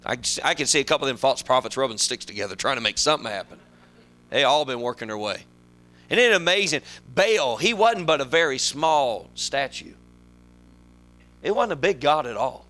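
A man preaching a sermon, with folksy storytelling that swings from loud exclamations to low asides. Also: animated, brisk.

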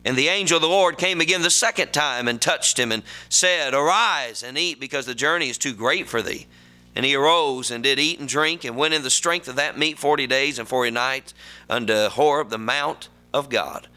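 Middle-aged preacher, folksy storytelling sermon, bright punchy voice. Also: male voice, medium pitch, moderate pace. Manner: folksy storytelling, reads scripture aloud.

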